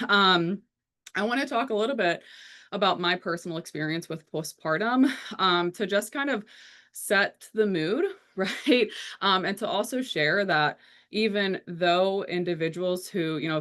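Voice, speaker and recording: A young adult woman therapist telling her own story to the camera, with frequent pauses and a questioning "right?" after each point. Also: on the low side, a bit bright. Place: video recording, indoors.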